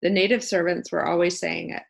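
A woman narrates a classic novel as a volunteer audiobook reader. She reads steadily, and her low voice has a gravelly fry to it. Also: level tone, brisk. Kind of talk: scripted narration.

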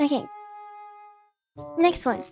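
A woman's voice: slow pace, mellow, soft background music. A woman streamer in casual live-stream chat, giggly, playful and sarcastic.

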